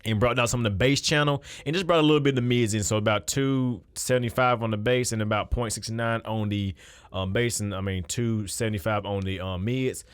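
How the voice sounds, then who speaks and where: A man's voice: fairly low pitch, steady tone, brisk, clear, resonant tone, no echo. A man talking casually through a beat-making tutorial at his computer, loose and conversational with frequent restarts. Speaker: music producer.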